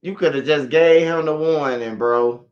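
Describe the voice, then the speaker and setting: A man's voice: fairly high pitch, a little slow, lo-fi sound, background noise. Slangy man giving casual reaction commentary. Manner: slangy, conversational, loose.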